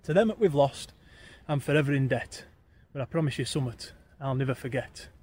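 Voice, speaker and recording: A man's voice: mid-range voice, fairly quick, darkish tone, a little hiss or hum. A man with a Yorkshire accent reciting his own rhyming poems in broad dialect, with a lilting rhythm. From Yorkshire, England. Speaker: guest poet.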